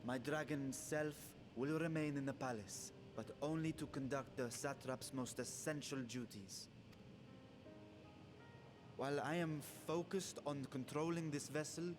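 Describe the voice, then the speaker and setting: A man's voice: medium pitch, lightly acted. A man voicing a solemn, formal male ruler who is secretly a dragon, in a game cutscene with music behind. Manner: measured, grave, formal.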